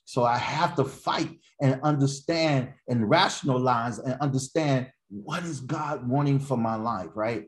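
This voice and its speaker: An older man preaching a sermon, teaching conversationally with restarts and "right?", then building to loud, high exhortation. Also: a little slow, hardly any pauses. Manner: repetitive, stumbles and restarts, asks "right?".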